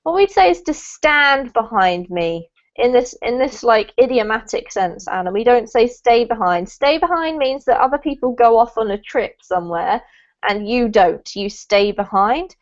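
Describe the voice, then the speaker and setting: A woman's voice: on the high side, expressive, normal speed, highs cut off. A woman English teacher patiently correcting a student's writing in an online lesson, reading passages aloud and explaining.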